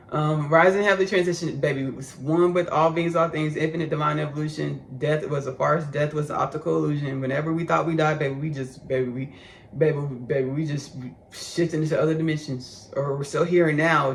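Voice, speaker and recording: A man's voice: on the high side, creaky, a little hiss or hum. A man in his thirties from Austin with a Texan country accent, rambling effusively through a spiritual podcast monologue, calling listeners "baby" and "y'all". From Austin, Texas. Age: 30s. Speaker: podcast host.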